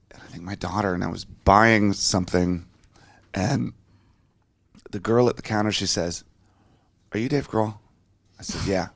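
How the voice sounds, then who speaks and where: Gravelly-voiced man telling a story. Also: deep voice, fairly bright tone, dry recording. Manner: swears freely, acts out quoted voices. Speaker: interview guest. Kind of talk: animated anecdote telling.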